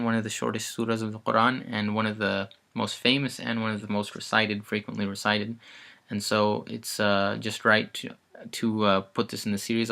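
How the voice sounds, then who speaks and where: A man with a bright voice teaches Quran recitation in a relaxed, casual way. He breaks each word into its sounds and says them again and again. When he recites the verses, his voice rises and gets louder. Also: lowish voice, vocal fry. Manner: explains sounds step by step, repeats words, chants recited verses loudly.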